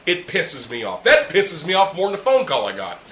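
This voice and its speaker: A man's voice: high-pitched, wildly swooping pitch, moderate pace, fairly bright tone. A young man hosting a casual chat, ranting heatedly and swearing constantly while drinking beer with friends in a room. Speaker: podcast host. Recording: echoey room with faint ambient noise.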